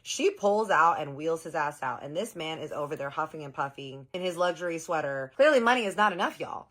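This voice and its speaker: A woman's voice: low-pitched, animated, brisk, fairly bright tone. A woman telling a story in a casual, gossipy, sarcastic way, with swearing.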